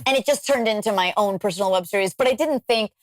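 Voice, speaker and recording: A woman guest on a podcast, telling stories in animated, casual chat with quick asides. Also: mid-range voice, dry recording.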